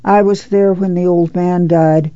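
A woman voicing a frail, dying young woman with a low, soft voice. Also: steady tone, unhurried, dry recording, highs cut off, natural voice. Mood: tender.

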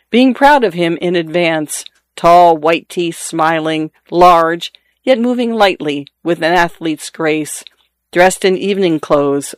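A man narrating a literary short story in a steady, measured way. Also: a little high, no echo.

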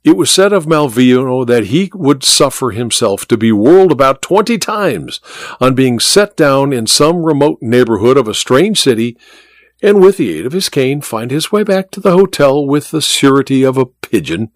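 A man reading a story aloud as narrator in a measured, expressive way. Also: medium pitch, no room sound, clean studio sound. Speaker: audiobook narrator.

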